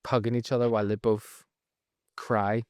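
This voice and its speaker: A man with a Northern Irish accent recapping a TV episode in a casual podcast chat, telling it in a lively, profane way. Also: on the low side, normal speed, background noise. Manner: animated, profane storytelling with frequent laughs. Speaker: podcast co-host.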